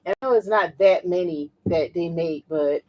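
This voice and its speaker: A woman's voice: fairly low pitch, normal speed, dark tone, lo-fi sound. Teasing woman co-hosting a casual stream. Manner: teasing, laughs often, informal. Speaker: co-host of a live toy talk show. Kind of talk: casual live-stream chat.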